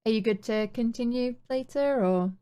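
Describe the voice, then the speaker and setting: A woman hosting a podcast interview, asking gentle, unhurried questions. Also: on the high side, a little hiss or hum. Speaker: podcast host.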